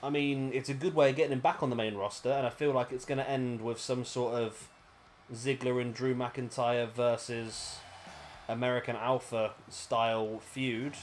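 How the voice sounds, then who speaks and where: A man's voice: mid-range voice, fairly even intonation, normal speed, slight background noise. A British man giving chatty, rambling play-by-play commentary over a wrestling video game, often correcting himself mid-sentence. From Britain. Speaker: gaming commentator.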